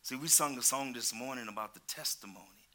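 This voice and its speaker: Very bright-voiced male preacher. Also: medium pitch, brisk. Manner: swings between loud exclamations and hushed asides; calls out to the congregation. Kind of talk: sermon.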